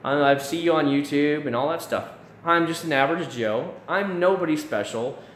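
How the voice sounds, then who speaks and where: A man's voice: on the high side, normal speed. A man in his thirties from Florida, hosting a casual live stream, chatting with viewers in a rambling way full of restarts and fillers. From Central Florida. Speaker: YouTube live-stream host answering chat. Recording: echoey room with faint background noise.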